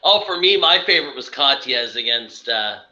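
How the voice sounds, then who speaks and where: A man co-hosting a casual chat with a very bright, sharp voice that rises and falls a lot. He pushes the talk along eagerly, and his voice echoes around a bare room. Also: medium pitch, expressive, moderate pace, lo-fi sound. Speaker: podcast co-host.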